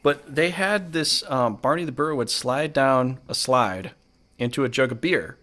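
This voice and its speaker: Male podcast host, easygoing ramble, lots of ums and uhs, mid pitch. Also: expressive, normal speed, fairly bright tone. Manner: rambling, filler-heavy storytelling. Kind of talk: casual chat.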